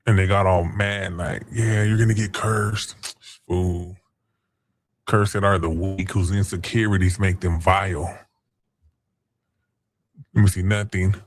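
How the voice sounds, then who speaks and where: Low-voiced man trash-talking his chat. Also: little pitch movement, unhurried, pauses often, a little hiss or hum. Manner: crude, profane slang. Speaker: stream host. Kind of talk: casual livestream chat.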